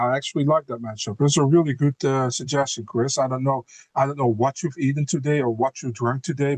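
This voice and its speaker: A man giving casual analysis as a podcast guest. He is blunt and swears freely, often repeating a word while he finds his point. His voice sits at a middle pitch and sounds dry and close. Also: a little mellow, dry recording.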